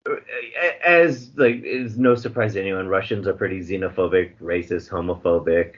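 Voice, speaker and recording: Blunt sarcastic guy on a podcast, swears a lot, low-ish voice, muffled audio. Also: little pitch movement, brisk. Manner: blunt, sardonic, swears freely. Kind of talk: casual podcast chat.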